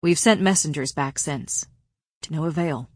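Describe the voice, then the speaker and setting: A woman reads as a grim male fae lord, low and measured in his speech. The voice sits deep and is delivered with steady gravity. The recording is dry and close. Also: husky, no room sound. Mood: grave. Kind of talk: audiobook character voice.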